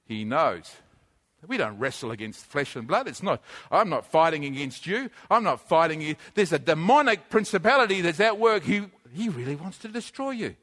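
A man preaches with rising energy, calling out lines for his congregation to echo back and raising his voice to a shout. His voice sits high for a man and has a bright, forceful edge. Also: normal speed. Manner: energetic, leads call-and-response, often shouting. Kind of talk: sermon with congregation participation.

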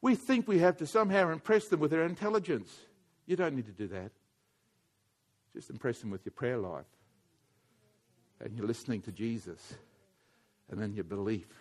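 A man preaching a sermon, swinging between quiet intimate passages and loud emphatic urging, often repeating his points. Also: mid-range voice, moderate pace, pauses often. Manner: wide swings from hushed to loud, emphatic repetition.

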